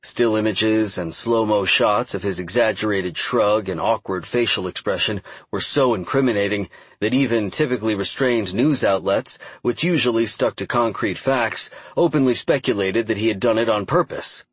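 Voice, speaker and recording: A man giving steady, measured audiobook narration. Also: on the low side, breathy edge, no echo. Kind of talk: scripted narration.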